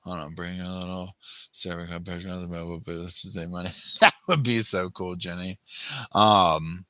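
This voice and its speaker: Chatty man with a sharp, forceful voice. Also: low voice, fairly even intonation, brisk, dry recording. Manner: rambling, self-interrupting, thanks viewers by name. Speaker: livestream host. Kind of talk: casual live chat.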